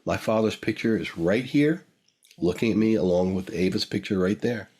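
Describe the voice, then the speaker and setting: A man's voice: fairly low pitch, normal speed, a little mellow, slightly rough. An older man, a guest, telling a personal story in a reflective, emotional way, repeating phrases for emphasis.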